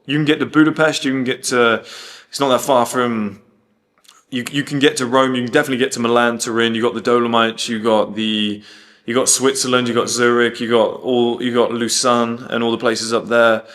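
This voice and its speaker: A man's voice: medium pitch, steady tone, brisk, fairly bright tone. A man from the UK talking casually and bluntly, telling stories full of quoted dialogue and swearing. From United Kingdom. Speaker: host. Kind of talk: casual monologue.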